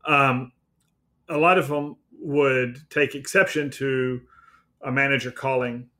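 A man's voice: mid-range voice, fairly even intonation, slow pace, sharp tone. A man in his fifties hosting an interview, speaking frankly and directly. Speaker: host. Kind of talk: conversational interview.

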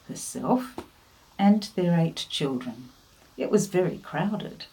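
A woman speaks in a devotional talk with a low, warm voice. She takes her time over each phrase, earnest and gentle as she encourages her listeners. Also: poor audio.

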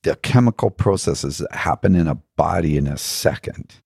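A man's voice: rumbling low, animated, normal speed, creaky, a little mellow, slightly rough, dry recording, clean studio sound. A man who is a podcast guest tells reflective spiritual stories. He speaks earnestly, often poses rhetorical questions and laughs now and then.

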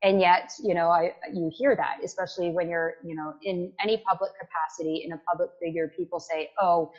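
A woman's voice: lowish voice, fairly quick, husky, dull audio. A woman in her forties from Canada, a tech executive talking energetically in a casual interview as a guest and often asking "right?". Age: 40s. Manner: energetic, lively, frequent "like" and "right?".

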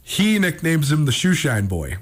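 A man hosting a sports radio show, telling a story in casual chat, animated and laughing often. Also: a little high, a little slow, husky.

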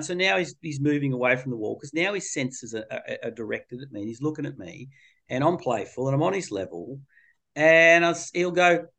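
Animated, colloquial man. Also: a little high, a little fast, gravelly. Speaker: child therapist. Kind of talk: interview storytelling.

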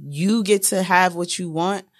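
A woman's voice: lowish voice, a little slow. A young woman and mother, a guest on a casual talk show, telling parenting stories and acting out the dialogue with her kids. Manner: animated storyteller, acts out dialogue with her kids. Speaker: guest speaking on millennial parenting. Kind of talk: casual podcast chat.

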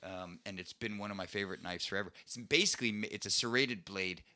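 A man co-hosting a podcast, telling a rambling story in casual chat, swearing freely and jumping his pitch for quoted voices. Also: fast talker, sharp tone. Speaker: podcast co-host.

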